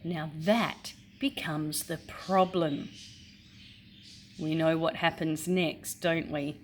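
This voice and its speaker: Female children's storyteller: unhurried, clear, teacherly read-aloud with interactive pauses. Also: low-pitched, fairly even intonation, slight background noise. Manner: slow, clear and teacherly, pausing for clapping syllables and questions. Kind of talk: reading a picture book aloud to children.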